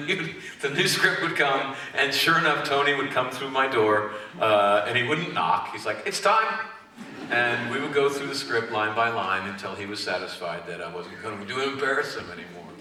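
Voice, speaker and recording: A man as a guest actor on a fan panel, answering questions in a rambling, self-deprecating way with many fillers. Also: mid-range voice. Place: large convention hall. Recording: echoey hall, far from mic, noisy.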